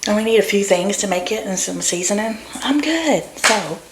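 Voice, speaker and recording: A woman's voice: mid-range voice, lively intonation, a little fast, noisy background. A woman vlogging from her home kitchen, rambling and chatting casually to her viewers. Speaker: doll nursery vlogger. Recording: echoey kitchen.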